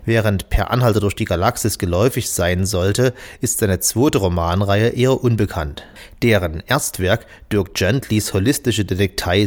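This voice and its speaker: A man presenting a scripted book review in a dry, ironic, even manner. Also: low-pitched.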